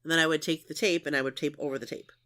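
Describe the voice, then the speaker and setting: Low-voiced chatty woman co-host. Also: fairly even intonation, racing, fairly bright tone. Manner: chatty, lots of "like" and restarts. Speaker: podcast co-host. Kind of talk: casual chat.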